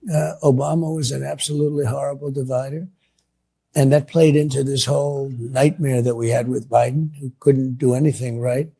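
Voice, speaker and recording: Older male politician, gravelly and mellow-dark, boastful repetitive rambler. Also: mid-range voice, fairly even intonation, moderate pace. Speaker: politician answering reporters. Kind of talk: clip of a press Q&A.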